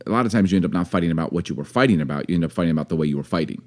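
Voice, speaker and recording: Man, low voice, very animated pitch, casual couple chat, acts out phrases, laughs often. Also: rapid-fire. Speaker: podcast co-host with his wife.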